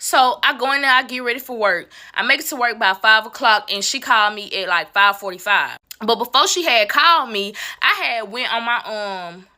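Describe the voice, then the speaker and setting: A woman telling a personal story to viewers in a casual, animated and profane way. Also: fairly high pitch, normal speed, hardly any pauses, dry recording, studio quality.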